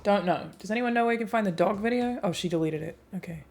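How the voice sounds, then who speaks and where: A woman's voice: mid-range voice, quick pace, a little mellow. A woman streamer reacting live on her stream, blunt and emotional, swearing freely.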